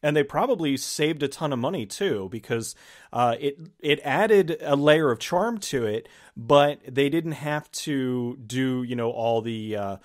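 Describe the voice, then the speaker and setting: A man's voice: medium pitch, lively intonation, unhurried. A man hosting a casual movie review chat, rambling and acting out his own reactions as he talks. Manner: rambling, restarts phrases, acts out reactions. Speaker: host of a movie review channel.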